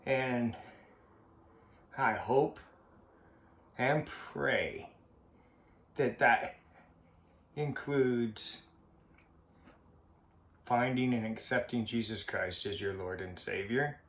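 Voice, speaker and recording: A man vlogging in a slow, halting, heartfelt way, with a frequent cough. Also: medium pitch, fairly bright tone. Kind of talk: personal vlog monologue. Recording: roomy echo.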